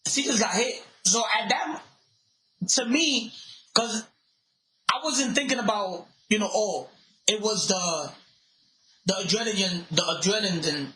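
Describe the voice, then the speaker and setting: Excitable high-voiced man in an echoey room. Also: unhurried, long pauses. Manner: animated, excitable storytelling with repeated restarts. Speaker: podcast co-host. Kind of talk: casual chat. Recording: roomy echo.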